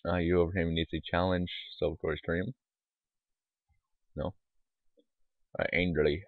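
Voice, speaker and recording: A man's voice: low voice, little pitch movement, normal speed, no room sound. A man giving casual, rambling let's-play commentary, mumbling asides with lots of fillers, on a tinny, lo-fi mic. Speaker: gaming YouTuber. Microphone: desktop microphone.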